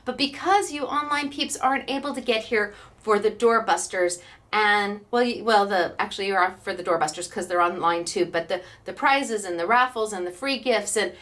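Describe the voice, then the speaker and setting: Hosting a craft class at a craft store, a woman with a mid-range, fairly bright voice chats bubbly at a moderate pace with online viewers and laughs often.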